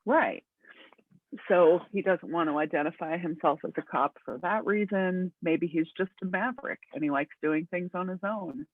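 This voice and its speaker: A man, a pastor, talking casually on a podcast in a thoughtful, measured, hedging way. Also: high voice. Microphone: video call. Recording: dry, tinny call audio.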